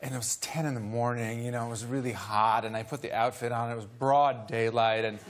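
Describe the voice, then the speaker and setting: A man's voice: mid-range voice, fairly even intonation, brisk. A man, a guest on a chat show, telling an amused story and laughing often. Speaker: guest actor. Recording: noisy studio with audience.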